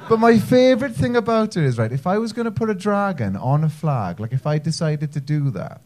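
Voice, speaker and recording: Cheeky North Welsh stand-up comedian. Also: male voice, a little high, big pitch swings, brisk, hardly any pauses, a little mellow. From Wales. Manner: cheeky, self-mocking banter with the audience. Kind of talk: stand-up set with crowd work. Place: comedy club stage.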